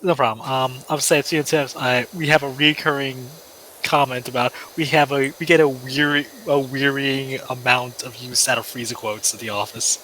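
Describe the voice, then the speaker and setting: Brief: man with a bright, mid-pitched voice, dry wry remarks in casual chat. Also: steady tone, a little fast, slight background noise, poor audio.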